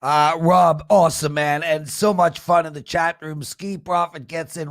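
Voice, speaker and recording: A man's voice: on the high side, steady tone, normal speed, gravelly, few pauses. A man co-hosting a sports betting show, chatty and reading viewer comments aloud. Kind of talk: casual show banter.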